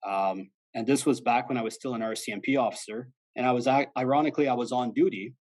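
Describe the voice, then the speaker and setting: A former police officer gives a relaxed, conversational talk on fraud prevention. His voice is husky and sits at an ordinary male pitch. He slips into the callers' voices when he tells stories. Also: fast talker, rough recording. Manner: conversational and plain-spoken, acts out quoted callers. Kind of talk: informal educational presentation.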